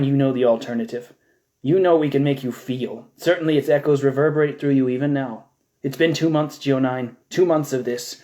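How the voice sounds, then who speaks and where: A cold, unseen interrogator, read aloud by a man, flat and clinical as it presses its demands. The tone stays mellow and unhurried, in the even pitch of a live audiobook reading. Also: close to an everyday voice.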